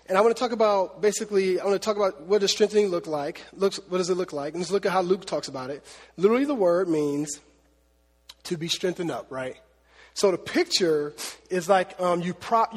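Husky-voiced man preaching in a reverberant hall. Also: sits high. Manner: conversational teaching, many "right?" and "okay?" asides. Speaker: pastor. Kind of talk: sermon.

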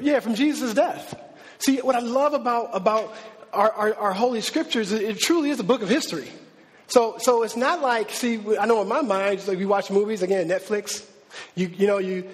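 A man preaching a casual, animated sermon as pastor, with many fillers and restarts. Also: sits high. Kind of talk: conversational sermon. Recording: long hall reverb.

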